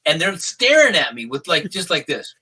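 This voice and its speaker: Excitable husky man telling stories. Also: a little high, normal speed. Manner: excitable, acts out quotes, swears. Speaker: former contestant guest. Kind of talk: animated storytelling chat. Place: home.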